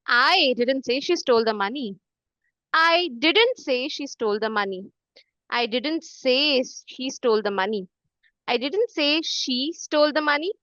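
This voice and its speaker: A woman's voice: high voice, lively intonation, measured pace, sharp tone, no room sound, muffled recording. A woman taking part in a workshop, carefully reading practice sentences aloud. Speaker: workshop participant.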